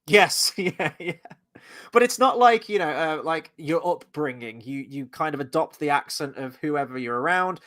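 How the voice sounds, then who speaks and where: A man's voice: on the high side, moderate pace, fairly bright tone, no echo. A man hosting a casual review chat, rambling and playful with lots of asides. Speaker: host.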